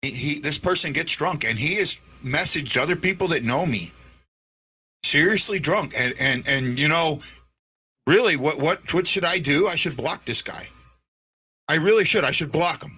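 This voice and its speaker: Male host, bright and pressed voice, emotional and halting, on the edge of tears. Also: a little high, lively intonation, husky. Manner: earnest, repeats himself, halting restarts. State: holding back tears. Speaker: podcast host. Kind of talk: emotional unscripted monologue.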